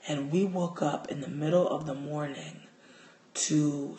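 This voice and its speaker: A man telling a wild story to his livestream in a casual, profane, animated way, recorded on a phone at home. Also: on the high side, a little slow. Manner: animated, profane, gets loud and excited in the telling. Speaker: livestream host. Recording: roomy echo.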